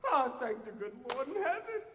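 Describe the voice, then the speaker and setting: An actress playing a frantic, exasperated character in a live stage musical, brassy and loud. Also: female voice, sits high, very animated, moderate pace, slight background noise. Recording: echoey theater hall from afar.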